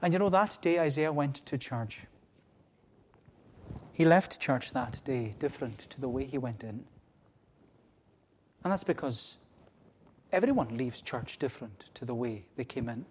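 A man preaching a sermon from a church pulpit, with repeated refrains, rising to loud cries and dropping to hushed lines. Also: medium pitch, expressive, measured pace, long pauses, husky. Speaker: minister.

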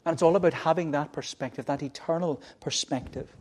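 Impassioned male preacher, slightly high voice. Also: a little fast. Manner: impassioned preaching with repeated refrains, swings between loud and hushed. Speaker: minister. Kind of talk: sermon. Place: church.

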